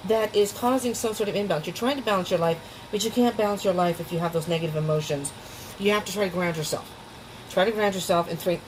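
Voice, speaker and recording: A woman's voice: mid-range voice, darkish tone, poor audio. Tarot reader, woman, casual and emotional delivery, frequent laughs and restarts, faint background noise. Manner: chatty, emotional, laughs often, restarts sentences.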